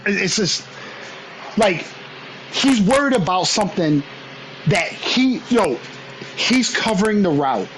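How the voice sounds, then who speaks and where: Young man, game streamer, high voice, swings up and down, profane rant. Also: animated, slow, pauses often, a bit bright, a little hiss or hum, poor audio. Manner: profane, heated ranting. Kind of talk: casual storytelling while gaming.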